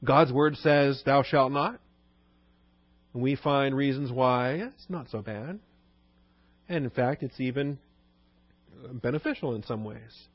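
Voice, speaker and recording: A man's voice: medium pitch, measured pace, no room sound. A man giving a conversational Bible study lecture as the teacher, often asking his listeners questions. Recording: dull dry recording.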